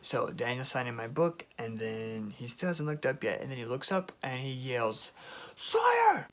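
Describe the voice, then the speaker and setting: A young man telling a storytime vlog, excitable and rambling, with lots of filler words. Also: mid-range voice, normal speed. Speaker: YouTuber.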